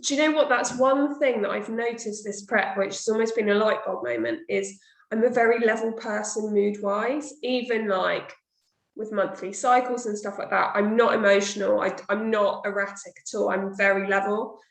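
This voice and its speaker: A woman chats candidly as a podcast host, acting out her own past remarks. Her voice sits at a middling pitch, and the room adds a clear echo. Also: steady tone, normal speed. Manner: candid, chatty, quotes herself often. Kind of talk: casual chat. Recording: roomy echo.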